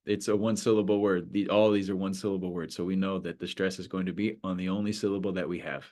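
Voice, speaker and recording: A man with a fairly low voice teaching a beginner language lesson. He explains patiently and slows right down whenever he models a word. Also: steady tone, a little mellow. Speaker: Spanish teacher.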